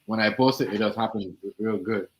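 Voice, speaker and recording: A man's voice: on the low side, a little fast, low-quality recording. A man chatting casually on a stream, talking emphatically and often checking that the listener follows. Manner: emphatic, keeps asking "you see what I'm saying". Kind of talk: casual chat.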